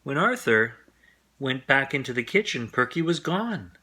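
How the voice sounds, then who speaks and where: A man reads a bedtime picture book aloud with a gentle, friendly manner. His voice has a bright, forward edge. He sits at an ordinary middle pitch. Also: expressive, normal speed. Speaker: storyteller. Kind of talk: bedtime story read-aloud.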